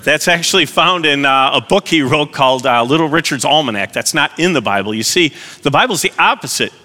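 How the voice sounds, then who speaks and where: An earnest male pastor preaches with a bright, forceful voice. His words ring out into a long, reverberant church hall. He keeps turning to his listeners with direct questions. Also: medium pitch. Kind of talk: sermon.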